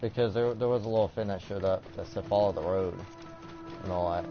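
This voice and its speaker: In this let's-play, a teen boy with a lowish voice talks briskly while music plays in the background. He rambles with many fillers and reads on-screen game text aloud, and the dull lo-fi mic picks up faint noise.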